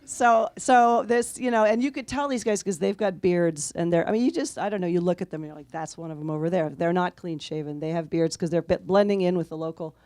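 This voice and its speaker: A woman author telling anecdotes in an interview, in a lively way and quoting the people she met. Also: fairly low pitch, brisk, few pauses, no echo. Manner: animated anecdotal, quotes others with laughs. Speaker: author guest. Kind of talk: conversational interview storytelling.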